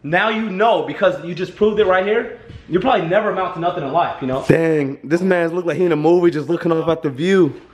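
A young man hosting a casual prank vlog, talking loud and teasing his friends. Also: a little high, fast. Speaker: vlogger. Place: room with friends. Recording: echoey room.

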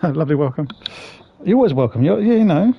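A man's voice: fairly high pitch, big pitch swings, fast, creaky, slightly rough, no room sound, dull audio. A man streaming a game, chatting casually with viewers, swearing and greeting them by name. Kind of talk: casual live-stream chat.

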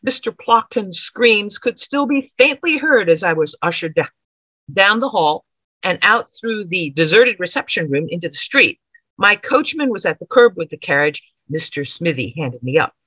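A woman author reading her own period story aloud in a measured, expressive way. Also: lowish voice, husky, dry recording, rough recording. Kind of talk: dramatic reading of period fiction.

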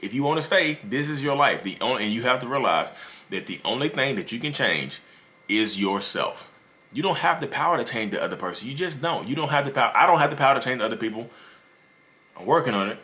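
A man giving casual relationship advice straight to viewers, animated and joking. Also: mid-range voice, quick pace.

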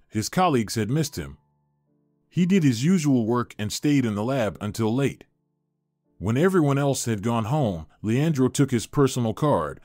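A man reading a scripted dramatic story aloud as narrator, in an expressive storyteller voice. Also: mid-range voice, no room sound, studio quality.

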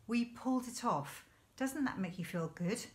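A woman voicing a cheerful father in a storybook reading, speaking in a gentle, wry manner. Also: a little high, animated, normal speed, pitched above the performer's own voice, natural voice. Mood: happy. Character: cheerful father, calm and playful man.

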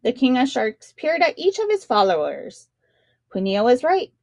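A woman reading a children's picture book aloud as narrator, with expressive, dramatic emphasis. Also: on the high side, moderate pace, gravelly, no room sound.

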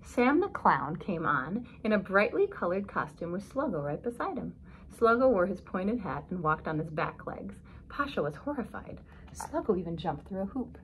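Woman, children's storybook reader, expressive, asks questions, middle pitch. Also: normal speed, slight background noise, rough recording. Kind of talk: reading a picture book aloud to children.

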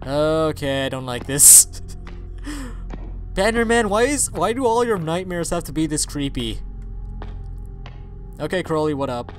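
Playful slow-talking male gamer. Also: a little high, sing-song, soft background music. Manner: playful, mock-scared, reads game text aloud and jokes. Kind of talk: let's play commentary.

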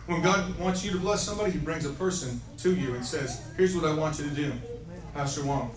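A man's voice: a little high, brisk, crowd noise. A male evangelist preaching prophetically to individuals, emphatic and playful, often repeating "listen" and laughing between points. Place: church conference hall. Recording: echoey hall, mic from far off.

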